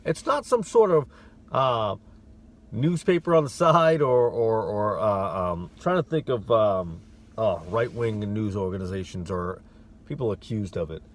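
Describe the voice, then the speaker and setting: A man in a casual talk to camera from his car, rattling off statistics in a quick, offhand way. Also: on the low side, lively intonation. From Connecticut, USA. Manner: rapid, offhand, rattling off figures. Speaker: vlogger.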